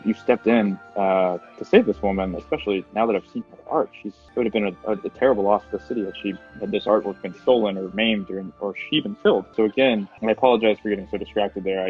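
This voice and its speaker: A man's voice: on the low side, slightly rough, lo-fi sound. A man voicing a pompous, refined male art patron who stammers and gushes in flowery art talk.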